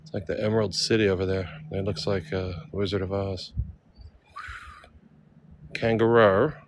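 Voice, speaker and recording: A man's voice: low voice, flat delivery, brisk, background noise. A man live-streaming outdoors on seaside cliffs into a handheld phone, chatting casually and reading out viewer names to thank them. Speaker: livestreamer.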